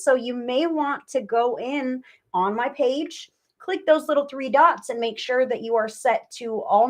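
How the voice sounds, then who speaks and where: A woman's voice: on the high side, a little hiss or hum. Soothing woman hosting a psychic livestream. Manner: warm, soothing and reassuring, with frequent repeats. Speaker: psychic medium livestream host. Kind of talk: live reading to viewers.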